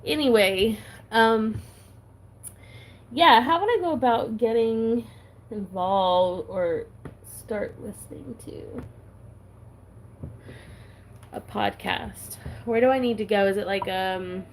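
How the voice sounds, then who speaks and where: A woman's voice: on the high side, slow, a little hiss or hum, low-quality recording. A woman vlogger chatting casually while she stamps her planner, giggly and talking with a valley-girl lilt.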